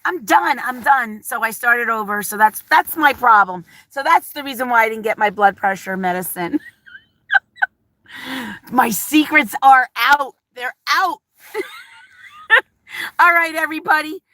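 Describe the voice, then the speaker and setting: Bright-voiced chatty woman vlogger. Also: fairly high pitch, moderate pace, no echo. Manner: rambling, chatty, reads viewer comments aloud; openly nervous and emotional. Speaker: livestream vlogger. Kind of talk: casual live-chat talk.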